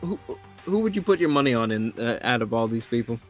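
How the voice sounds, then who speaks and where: A man's voice: mid-range voice, animated, fast talker. A man chatting casually on a stream, making laid-back comments. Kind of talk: casual chat. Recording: live stream with faint music.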